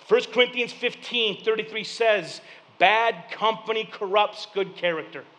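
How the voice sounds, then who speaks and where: A man in his thirties preaches to a congregation, his voice high and bright as it rings through a reverberant hall. He tells personal stories with animated energy, swinging between loud punchlines and quiet, reflective moments. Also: measured pace. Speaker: pastor.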